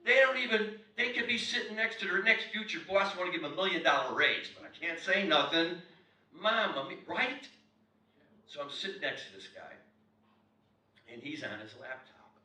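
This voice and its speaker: A man in his sixties, a motivational speaker telling a story to a live audience, acting out the dialogue and swinging from loud to hushed. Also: sits high, animated, normal speed. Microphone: clip-on mic. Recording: echoey hall, mic from far off.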